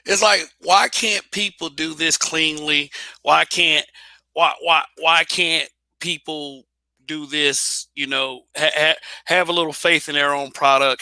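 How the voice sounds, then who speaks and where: A man's voice: a little high, pushed and bright, no echo. A man hosting his own channel, talking bluntly and casually with profanity and frequent restarts. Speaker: channel host. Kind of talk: casual opinion monologue.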